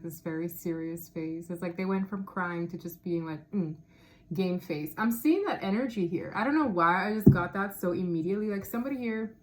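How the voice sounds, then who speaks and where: A woman giving a casual tarot reading to her viewers, thinking out loud and laughing often. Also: on the low side, slight background noise. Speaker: tarot reader.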